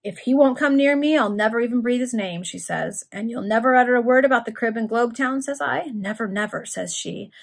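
A woman reading aloud, voicing a gruff, rough-spoken male thief who talks in slang. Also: on the high side, fairly quick, few pauses. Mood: reporting. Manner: growling, slangy dialect.

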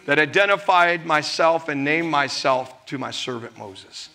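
A man's voice: fairly high pitch, measured pace, hardly any pauses, bright, forceful tone. A middle-aged male pastor preaching a sermon to his congregation, laughing often and acting out voices from scripture.

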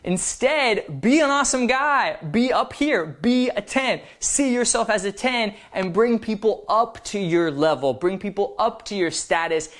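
A man's voice: high voice, expressive, a little slow, few pauses, a bit bright. A man as a dating coach giving scripted video advice in a confident, instructive way. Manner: confident, instructive, emphatic counting-down delivery.

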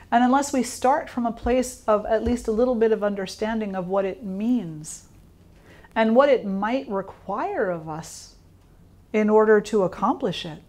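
Woman yoga teacher, informal talk, calm and reflective, often asks questions. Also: fairly high pitch.

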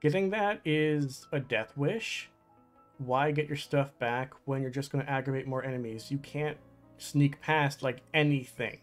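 Talking to himself as he plays, this gaming channel host delivers a casual let's play full of frustrated exclamations and outbursts. He speaks at a medium pitch and an unhurried pace over soft background music.

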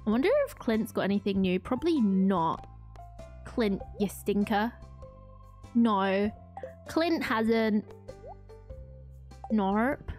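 A woman's voice: mid-range voice, animated, slow, long pauses, darkish tone, faint music behind. A young woman streaming a farming game, gushing and self-mocking as she chats to her viewers. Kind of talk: excitable live-stream commentary.

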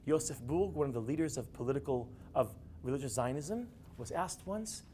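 A man giving a classroom lecture, animated and building to emphatic peaks. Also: mid-range voice, moderate pace, hardly any pauses, slight background noise.

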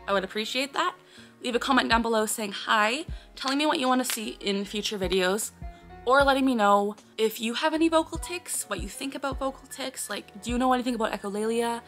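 Woman vlogger, casual to-camera talk, bright tone, earnest explaining, sudden blurted interruptions, faint music behind. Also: fairly high pitch. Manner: earnest and explanatory, often breaking off with sudden blurted words and sighs.

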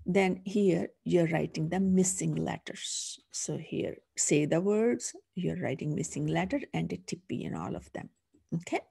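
A woman's voice: fairly low pitch, creaky, dark tone, husky. A middle-aged woman teaching a language class, patiently sounding out each letter before saying the whole word. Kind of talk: slow, patient phonics lesson.

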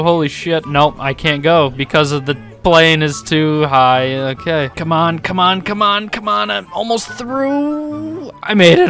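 Young male let's-play host, lively and excitable, bright tone, soft game music underneath. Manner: excitable, laughs often, yelps in high bursts. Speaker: gaming YouTuber.

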